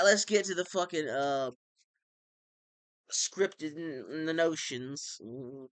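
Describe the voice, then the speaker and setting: A man in his late twenties doing a profane, erratic comedy vlog in the style of a well-known internet character, with shouting bursts. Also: a little high, takes it slowly, long pauses, no echo. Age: 20s. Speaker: amateur comedy YouTuber. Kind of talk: crude ranting comedy vlog.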